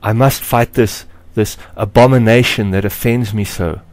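A man narrating his own story aloud in a measured, expressive audiobook reading. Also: lowish voice, no echo. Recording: dry close recording.

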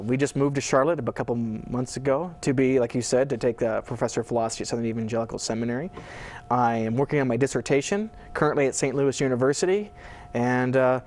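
A man's voice: medium pitch, darkish tone, slight background noise. A man in his thirties, a philosophy professor being interviewed, giving earnest, lecture-like answers with many fillers.

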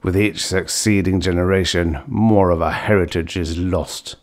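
A man's voice: deep voice, fairly even intonation, normal speed, close to an everyday voice. A man voicing a scornful old grandfather who grumbles and dismisses what he hears. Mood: grumbling.

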